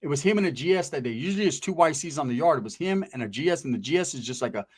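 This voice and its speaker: A man's voice: fairly high pitch, lively intonation, racing, husky. A man telling stories in casual, slang-heavy talk, acting out what other people said. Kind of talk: casual storytelling.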